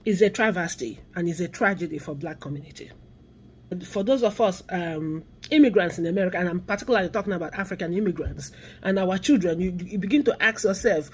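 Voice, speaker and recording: A Nigerian woman in middle age delivers fervent social commentary straight to camera. Her voice is a little husky and her pitch moves in wide swings. She drags out the words she wants to land, pressing each point home. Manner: emphatic, drawn-out stresses on key words. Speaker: vlogger.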